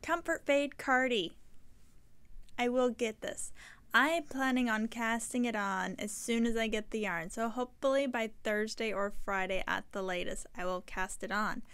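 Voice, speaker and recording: A woman's voice: a little high, moderate pace, a bit bright, clean tone. A woman hosting a knitting podcast, talking casually and rambling, often correcting herself mid-sentence. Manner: rambling, self-correcting, chatty. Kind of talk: casual chat to camera.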